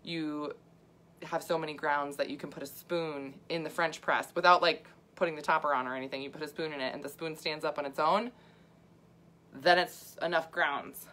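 A woman's voice: deep voice, steady tone, normal speed, fairly bright tone. A middle-aged woman health coach talking casually to viewers, chatty and full of asides and fillers, laughing often. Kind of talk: casual livestream talk.

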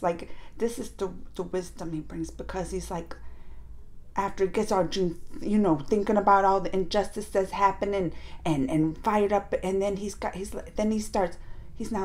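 A woman hosting a reaction video, retelling scenes from a show in an excitable, animated way. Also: medium pitch, normal speed.

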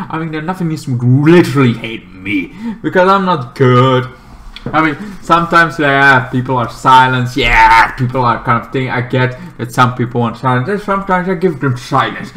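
An excitable man rambles through a casual recap of a TV episode. His bright, lively voice jumps around in pitch and sometimes breaks into high squeals. He stumbles over fillers and restarts as he talks. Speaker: TV show reviewer.

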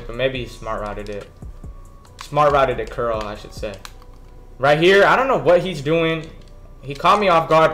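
Over background beats, a young man commentates casually on his own football video game match, using slang and mostly chatting to himself. The gaming YouTuber's voice is medium-pitched with a fairly bright tone.

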